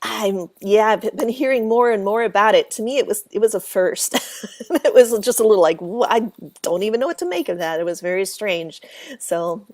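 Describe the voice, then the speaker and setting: A woman guest telling a spooky story in a casual interview, animated, acting out quoted voices and laughing often. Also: mid-range voice, normal speed. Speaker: author and paranormal researcher, guest.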